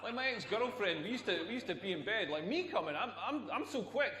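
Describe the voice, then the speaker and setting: Scottish man, forties, stand-up comedian, self-mocking, high voice, roomy hall echo. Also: animated, a little fast, bright, forceful tone, slight background noise. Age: 40s. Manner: rambling, self-mocking, laughing storyteller. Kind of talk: stand-up routine. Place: stage in a large hall. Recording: echoey hall from a distance.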